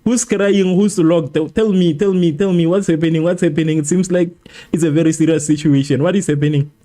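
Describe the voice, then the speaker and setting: A man hosts a live football watchalong, his voice sitting a little high yet soft and mellow in tone. He frets over the game, circles back to the same complaints again and again, and argues with viewers in the chat. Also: steady tone, a little fast, soft background music. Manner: exasperated, repeats himself, argues with chat. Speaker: livestream host. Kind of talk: live match watchalong reaction.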